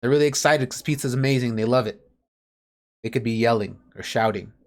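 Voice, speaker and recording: Man, teacher, patient, everyday examples, video call, mid-pitched. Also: brisk. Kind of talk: online class lesson.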